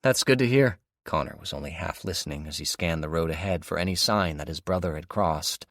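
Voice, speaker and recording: A man reading an audiobook in a steady, even storytelling manner. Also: rumbling low, brisk, no room sound, studio quality. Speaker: audiobook narrator. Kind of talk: scripted audiobook narration.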